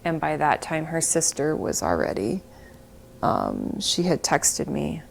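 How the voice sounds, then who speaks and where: In an emotional interview, a middle-aged bereaved mother recalls painful events in a low, gravelly voice with big swings in pitch. She talks slowly and haltingly, breaking off mid-phrase, restarting, and sometimes dropping to a whisper. A faint hiss runs beneath the recording.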